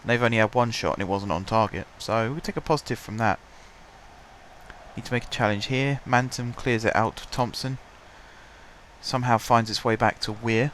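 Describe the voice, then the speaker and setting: A man casually commentating his own football management game, his voice stuffy and blocked up, chatty and self-mocking, clearing his throat now and then. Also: mid-range voice, moderate pace, fairly bright tone, slight background noise. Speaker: gaming commentator. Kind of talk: casual let's-play commentary.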